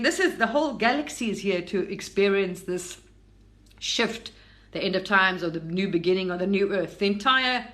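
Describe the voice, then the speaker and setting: A woman's voice: mid-range voice, fairly bright tone. A middle-aged woman from Britain, talking casually and with enthusiasm about spiritual experiences, rambling through restarts and asides. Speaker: spiritual content creator.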